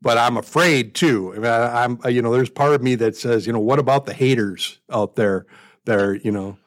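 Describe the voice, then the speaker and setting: A man's voice: mid-range voice, normal speed. A man in his fifties from the United States, co-hosting a podcast and talking candidly in a rambling, self-deprecating way with frequent restarts. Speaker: podcast co-host. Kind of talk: casual conversation.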